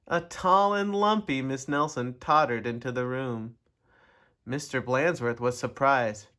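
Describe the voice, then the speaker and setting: A man reading a children's storybook aloud in an expressive, animated way. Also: medium pitch, measured pace. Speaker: storybook reader.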